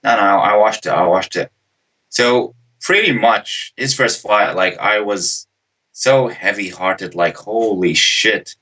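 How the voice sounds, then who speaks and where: Animated young man, bright voice. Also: on the low side, slow pace. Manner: animated retelling, acts out quotes and shouts. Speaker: podcast co-host. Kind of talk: casual chat, storytelling.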